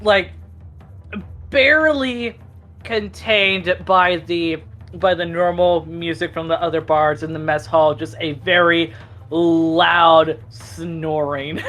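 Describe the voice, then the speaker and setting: Game master narrating a scene, relaxed and chatty, faint music behind. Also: mid-range voice, slow pace. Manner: casual, chatty with fillers.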